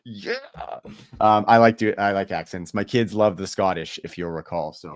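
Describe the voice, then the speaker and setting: A man with a fairly low voice co-hosts a casual sports podcast. He sounds relaxed and joking, and thinks aloud with plenty of fillers. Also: moderate pace, a little hiss or hum. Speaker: podcast co-host.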